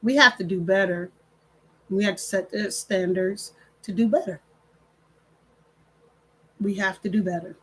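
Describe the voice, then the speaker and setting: A woman's voice: medium pitch, unhurried, pauses often, fairly bright tone, breathy edge. A woman hosting a casual livestream, speaking emphatically to viewers and repeating phrases for stress. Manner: addresses viewers directly, preachy. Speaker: livestream host. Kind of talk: casual livestream chat, reading viewer comments.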